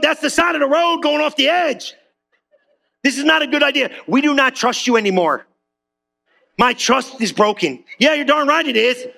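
High gravelly-voiced preacher guy, bright edge, super animated and slangy storytelling. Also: brisk. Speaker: pastor. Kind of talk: comedic storytelling sermon.

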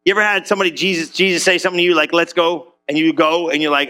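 A man preaching a sermon in a church, animated and conversational, with casual slang and questions thrown to the crowd. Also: on the high side, very fast. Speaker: pastor.

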